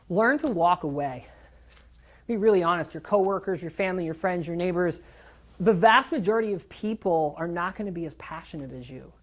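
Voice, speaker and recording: This is a middle-aged dog trainer with a high voice, giving an informal, animated seminar talk. He acts out the voices of people he quotes and sometimes curses for emphasis.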